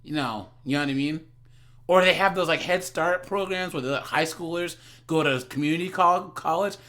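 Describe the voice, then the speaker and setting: Reacting to a video on his livestream, a man with a voice on the high side talks at a normal speed. He's animated and chatty, frequently calling out to viewers as "guys."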